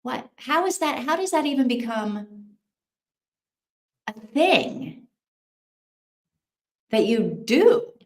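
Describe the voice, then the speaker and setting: A woman's voice: on the high side, very animated, slow, pauses often, echoey room. A woman hosting a casual livestream, chatting, thinking aloud and reacting to viewer comments. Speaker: livestream host.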